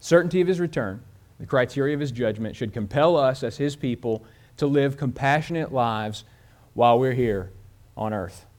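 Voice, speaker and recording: A man preaching a sermon, telling a story and speeding up and slowing down as he goes. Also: medium pitch. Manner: storytelling with shifts of pace and loudness. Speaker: pastor.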